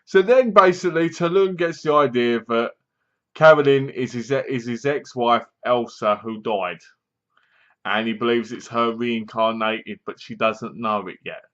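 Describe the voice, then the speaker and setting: A man retelling a horror movie plot for his review vlog, rambling and loose, with lots of fillers. His voice sits at a middling pitch. The recording is dull and lo-fi. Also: measured pace, fairly bright tone. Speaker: film reviewer. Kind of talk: casual film review vlog.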